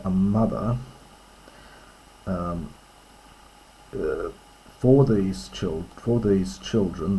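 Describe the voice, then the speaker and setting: A man teaching ancient Greek, reading lines aloud and explaining them slowly and carefully, with many pauses and self-corrections. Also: sits low, dark tone, slight background noise, low-quality recording. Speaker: classics teacher.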